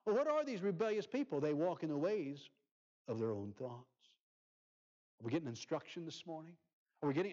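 A male pastor preaching a sermon, reading scripture aloud and swinging from loud emphasis to soft near-whispers. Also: on the high side, dull audio.

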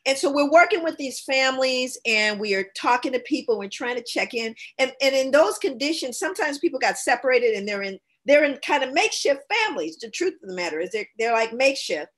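A woman guest speaks in a noticeably high voice as she earnestly tells a story from her past work. She voices the people she describes and keeps an easy, conversational pace. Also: animated, brisk, hardly any pauses, a bit bright. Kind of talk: casual conversation, recounting experiences.

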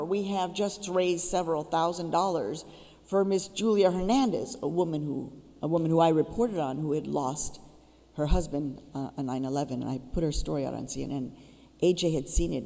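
A woman's voice: low voice, normal speed, gravelly, dark tone. A woman giving a keynote speech, telling stories and urging her audience directly. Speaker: keynote speaker. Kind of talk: public speech. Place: school auditorium. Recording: reverberant auditorium.

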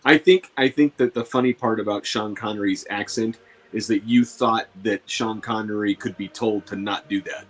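A man's voice: on the low side, fairly even intonation, normal speed. A man co-hosting a casual movie podcast, talking in a wry, dry-humored way. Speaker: podcast co-host.

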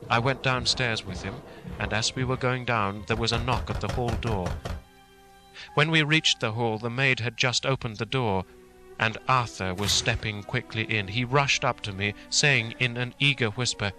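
A man narrating a classic novel as an audiobook in a steady, dramatic storytelling manner. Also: medium pitch, normal speed, poor audio. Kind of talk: scripted narration. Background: faint film music.

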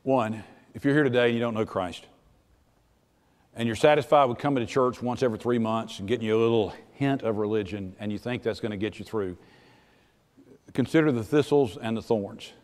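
A middle-aged pastor preaching a sermon in a plainspoken, folksy, earnest way, shifting between soft and loud. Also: male voice, mid-range voice, fairly quick. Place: church sanctuary. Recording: church sanctuary with long reverb.

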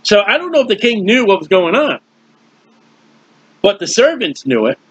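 A man's voice: high-pitched, very animated, moderate pace, a bit bright, husky, no room sound, lo-fi sound. A man teaching through a Bible passage in a conversational way, explaining with everyday comparisons and often restarting his sentences. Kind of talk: informal verse-by-verse Bible teaching.

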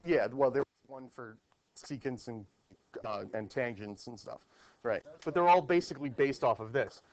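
A man's voice: mid-range voice, moderate pace. A man teaching a math class at the board, explaining step by step and asking his students questions.

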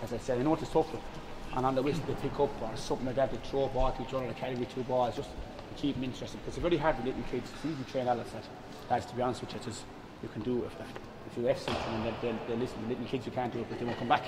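A man's voice: medium pitch, steady tone, racing, reverberant, long reverb tail, noisy background. A man coaching a hurling session, calling out short instructions and encouragement, then answering coaches' questions. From Ireland. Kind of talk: outdoor coaching drill then Q&A.

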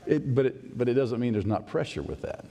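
A man's voice: medium pitch, big pitch swings, fairly quick, mellow, dull audio. A male pastor preaching a sermon, emphatic and conversational, often asking the congregation questions. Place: church sanctuary. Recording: long church reverb.

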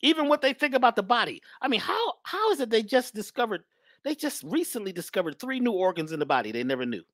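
A woman's voice: fairly high pitch, sing-song, fast talker, no room sound, clean studio sound. A woman giving an emphatic spiritual talk in a preachy manner, often repeating her phrases. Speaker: spiritual speaker.

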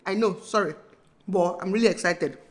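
A woman in her thirties with a Nigerian accent, chatting excitedly to camera in a casual vlog, bubbly and laughing often. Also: mid-range voice, normal speed. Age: 30s. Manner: bubbly, laughing, breaks into squeals. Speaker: vlogger.

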